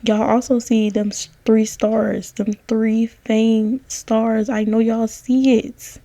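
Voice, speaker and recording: A young woman narrates her gameplay in a sassy, slangy, dramatic voice, calling out to her viewers. Her voice is low-toned for a woman yet slightly high, dark and gravelly. She talks slowly into a close mic in a dry, dead room. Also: little pitch movement, no echo. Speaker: gaming content creator. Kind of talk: casual gameplay voiceover commentary.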